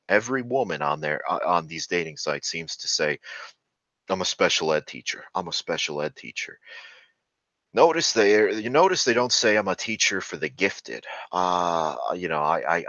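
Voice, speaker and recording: Deep-voiced sarcastic man ranting. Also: bright, forceful tone, no echo. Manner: crude, sarcastic and contemptuous, with many fillers and stammered restarts. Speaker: channel host. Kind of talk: ranting monologue. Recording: dull lo-fi recording.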